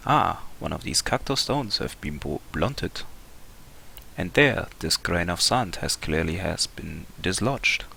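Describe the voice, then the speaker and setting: A man voicing a grumpy, boastful old male duck tycoon in a fan comic reading, with a gruff, blustering manner. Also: low voice, sharp tone, slight background noise, exaggerated voice.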